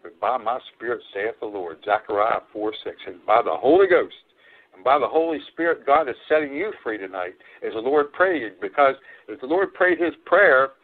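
A man preaching an earnest radio sermon as an evangelist, repeating his exhortations with frequent fillers. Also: medium pitch. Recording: tinny phone-line broadcast.

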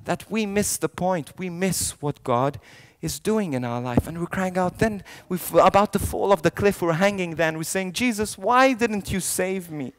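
High-voiced man preaching an animated sermon. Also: normal speed, hardly any pauses. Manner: animated storyteller, jumping between hushed lines and loud shouted quotes; frequent restarts and repeated words. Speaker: priest. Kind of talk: sermon at a youth event.

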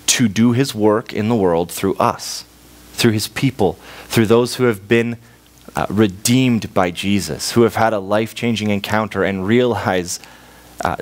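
A young man from Canada preaching a sermon in church, telling a parable and acting out its voices. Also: fairly low pitch. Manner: storytelling, acts out voices in a parable.

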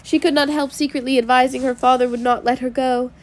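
A woman's voice: high-pitched, steady tone, fast talker. A woman reading a classic novel aloud as an audiobook, with small slips and restarts along the way. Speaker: audiobook reader.

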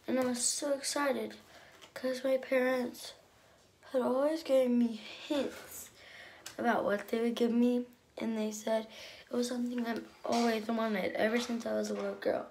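A young woman telling a casual storytime, chatty and excitable, with many fillers. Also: a little high, moderate pace, a little hiss or hum.

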